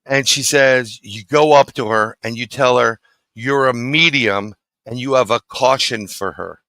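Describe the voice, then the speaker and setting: A middle-aged New man tells a story as an interview guest, acting out each exchange. His voice is gravelly and bright. The sound is dry and close. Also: medium pitch, a little slow, no echo, poor audio. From New York City. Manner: animated storyteller acting out dialogue.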